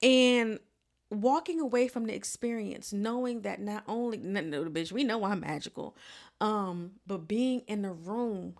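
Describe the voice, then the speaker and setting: A young adult woman hosting a podcast, telling a story in a casual, animated way, swearing freely and stressing her points. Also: medium pitch, measured pace. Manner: animated, profane, emphatic storytelling with frequent "um". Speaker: podcast host.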